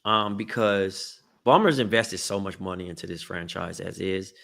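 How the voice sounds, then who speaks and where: A man's voice: low-pitched, normal speed, creaky, fairly bright tone. A man co-hosting a podcast in casual sports chat, slangy and exasperated, saying bruh often. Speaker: podcast co-host.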